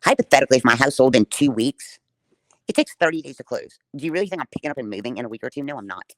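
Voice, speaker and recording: A woman's voice: very deep voice, expressive, racing, no room sound. A woman livestreaming a defiant, profane rant straight at her viewers.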